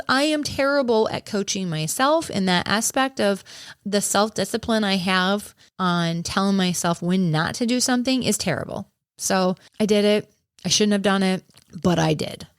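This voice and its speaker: A woman hosting a podcast who tells a personal story in a casual way, candid and lively, swearing and laughing often. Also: mid-range voice, smooth, dry recording, studio quality. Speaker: podcast host and running coach.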